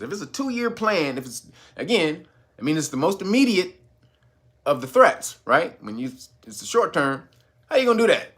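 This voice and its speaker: A man hosting his own channel, giving loose, profane commentary and laughing often as he talks. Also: fairly bright tone. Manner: mocks a stiff, slow talker in a low voice. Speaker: channel host. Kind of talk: casual commentary video.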